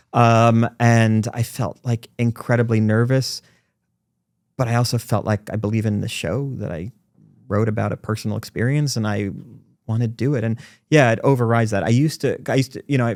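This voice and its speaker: Brief: man in his 40s, podcast guest, rapid-fire anecdotes, dry close mic. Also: fairly low pitch, dry recording. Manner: fast, animated storytelling. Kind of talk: podcast conversation. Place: recording studio.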